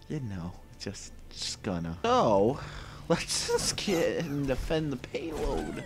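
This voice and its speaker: A young man commentating his own shooter gameplay, swearing often and breaking into frustrated outbursts. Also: mid-range voice. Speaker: gaming YouTuber.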